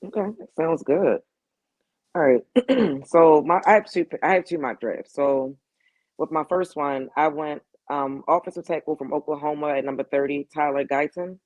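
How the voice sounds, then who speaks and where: Higher-voiced co-host, dry sound. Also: male voice, normal speed, darkish tone, dry recording, low-quality recording. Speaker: podcast co-host. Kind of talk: casual chat.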